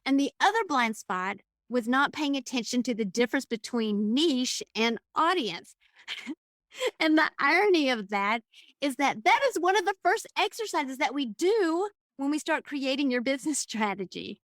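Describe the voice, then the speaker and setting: A woman's voice: high-pitched, very animated, normal speed, fairly bright tone, no echo, studio quality. A middle-aged woman hosting her own coaching podcast, talking in a chatty, rambling way with frequent laughs. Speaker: business coach and podcast host. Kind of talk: solo podcast monologue.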